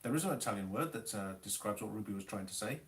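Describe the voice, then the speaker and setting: A man teaching music, hosting a live online quiz, reading out Italian terms slowly and teasing players about their spelling and the rules. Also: on the low side, lively intonation, fairly bright tone.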